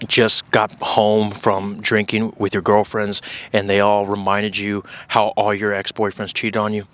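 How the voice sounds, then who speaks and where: A man giving a casual motivational monologue outdoors as a self-help coach, assertive and rhetorical, with drawn-out pauses. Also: on the low side, pushed and bright. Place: outdoors with scenery.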